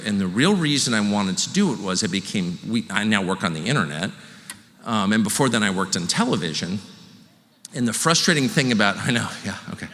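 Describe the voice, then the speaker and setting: A man's voice: medium pitch, sharp tone. A man hosting a live show, talking to a crowd in a joking, self-deprecating way. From California. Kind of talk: stand-up style monologue to a live audience. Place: large venue with live audience. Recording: hall reverb, faint room noise.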